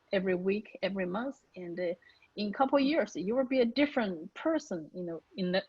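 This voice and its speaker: A woman's voice: medium pitch, darkish tone, husky, no room sound. A woman hosting an interview, encouraging her listeners in an earnest way with many "you know"s and fillers. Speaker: host. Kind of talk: casual interview chat. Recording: dry, dull lo-fi recording.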